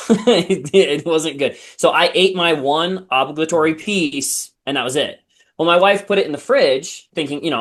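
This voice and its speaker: A man's voice: a little high, normal speed, a bit bright. A man hosting a podcast, chatting casually and agreeably, self-deprecating about his own marriage. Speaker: podcast host. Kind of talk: casual chat.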